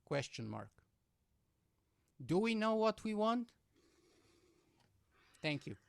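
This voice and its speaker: Earnest man giving a measured talk. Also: high-pitched, very animated, creaky, clear, resonant tone, no echo. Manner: measured and earnest, building points with repetition. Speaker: speaker. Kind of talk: prepared talk.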